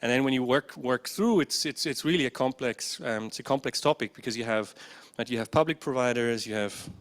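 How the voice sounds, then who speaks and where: A man's voice: mid-range voice, brisk. A man presenting a conference workshop session into a microphone indoors. He speaks hesitantly, with many fillers, and often checks in with the audience. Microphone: handheld or stand microphone.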